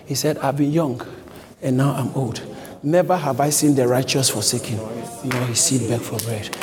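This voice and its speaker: A man's voice: mid-range voice, normal speed. Preaching man in an echoing church. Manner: repetitive exhortation, rising to shouts. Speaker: pastor. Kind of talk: sermon. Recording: long hall reverb, faint background noise.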